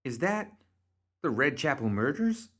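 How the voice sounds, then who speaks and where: A man's voice: medium pitch, sing-song, a little slow, fairly bright tone, pitched above the performer's own voice. A man voicing a cheeky, impertinent young woman who is sarcastic with her father, in a storybook reading.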